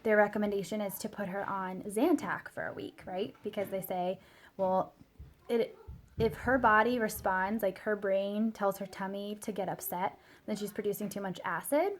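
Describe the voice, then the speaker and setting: A woman in her thirties chats to camera about her young daughter, loose and rambling, with plenty of fillers. Her pitch sits in the middle, and a faint hiss runs under the voice. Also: fairly even intonation, moderate pace. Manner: chatty, lots of fillers and "like", quotes her child in a small soft voice. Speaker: mother sharing a product story. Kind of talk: casual vlog storytelling.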